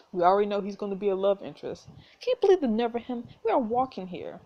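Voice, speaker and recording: A woman's voice: mid-range voice, very animated, fast, dull audio. A woman playing a story game, reading its narration aloud and making casual asides. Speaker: gameplay streamer.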